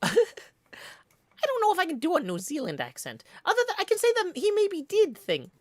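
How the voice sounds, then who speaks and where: A woman's voice: very high-pitched, wildly swooping pitch, moderate pace, no echo. A woman hosting a casual livestream chat, joking and reading out viewer tips. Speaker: stream host.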